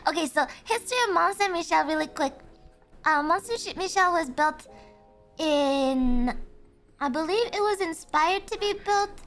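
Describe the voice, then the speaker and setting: A very high, bright-sounding Irish woman chats on a live stream, giggling often and trading quick, cheeky banter with her viewers. She swears freely and keeps a loose, playful tour-guide act going. Soft music hums faintly underneath. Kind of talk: casual live-stream chat.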